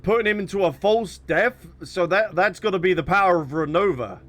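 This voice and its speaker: A young adult man giving casual, rambling gameplay commentary as a streamer, excitable and full of restarts. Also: sits high, brisk. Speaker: gaming streamer.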